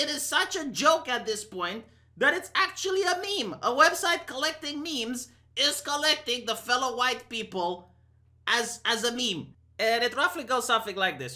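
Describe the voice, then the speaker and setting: A woman's voice: on the high side, bright, forceful tone. A woman in her thirties with a Romanian accent, ranting sarcastically and profanely in an opinion vlog. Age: 30s. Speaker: commentary vlogger. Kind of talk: opinion rant to camera.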